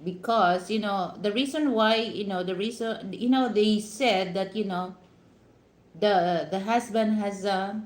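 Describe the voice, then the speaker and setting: A woman's voice: mid-range voice, a little slow. A woman from the Philippines with a Filipino accent, giving advice to her viewers in a casual live-stream talk, full of "you know" fillers. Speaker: vlogger. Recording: echoey room.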